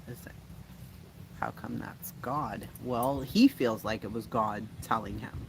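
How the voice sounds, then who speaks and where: A blunt, foul-mouthed man hosts a casual livestream, chatting and answering viewer comments. His voice sits in an ordinary middle pitch and he laughs often. A steady hiss of background noise runs under the home stream audio. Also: unhurried. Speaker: livestream host.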